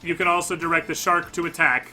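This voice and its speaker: Bright-toned male game master. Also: on the high side, level tone, fast talker, soft background music. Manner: descriptive, loose narration with many fillers. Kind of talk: narrating a tabletop game.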